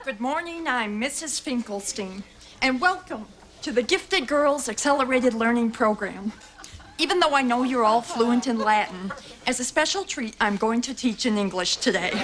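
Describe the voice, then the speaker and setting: An actress playing a prim, condescending teacher addressing a class in a sitcom. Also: female voice, fairly high pitch, close to an everyday voice. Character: prim schoolteacher of gifted girls. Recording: TV sitcom audio, loud background noise.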